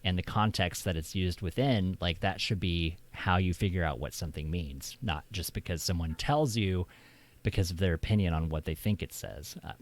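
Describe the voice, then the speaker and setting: A man's voice: low voice, moderate pace. A man hosting a casual stream chat who rambles, restarting his thoughts often. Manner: rambling, heavy with fillers and restarts. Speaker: streamer host.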